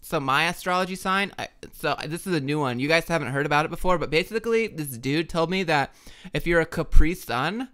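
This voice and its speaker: A man voicing a bubbly, ditzy young Valley Girl woman, gushing with a drawn-out, sing-song Valley Girl accent. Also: a little high, fairly bright tone, smooth, close to an everyday voice. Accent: Valley Girl put-on.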